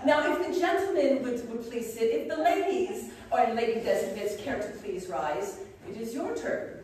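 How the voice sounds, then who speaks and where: A woman's voice: on the high side, expressive, normal speed, background noise. A woman in costume playing a genteel academy headmistress, instructing a class in manners with prim formality and playful humor. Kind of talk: in-character living-history lesson. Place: large echoey room with a class. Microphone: far camera. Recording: echoey room, voice far from the mic.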